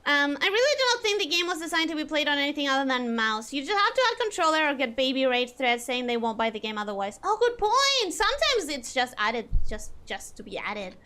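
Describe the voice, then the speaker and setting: A high-pitched woman streamer chatting with her chat in a quick, casual way. Her voice is bright, and her pitch jumps around a lot. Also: sing-song, a little hiss or hum.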